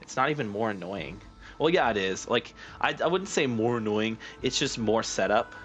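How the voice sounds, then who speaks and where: A man's voice: fairly low pitch, expressive, moderate pace, a bit bright. A young man streaming a video game, chatting casually and joking with his cat. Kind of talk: casual live-stream chat.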